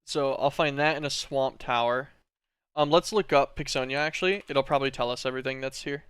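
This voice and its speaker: A man streaming a game, thinking aloud in relaxed, rambling commentary. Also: mid-range voice, a little fast, clear, resonant tone, no room sound, studio quality.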